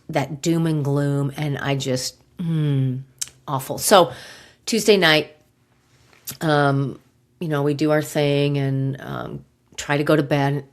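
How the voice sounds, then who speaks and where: A middle-aged woman hosting a podcast, telling a personal story in an emotional, halting way with sighs and pauses, close to tears. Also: deep voice. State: near tears. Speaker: podcast host.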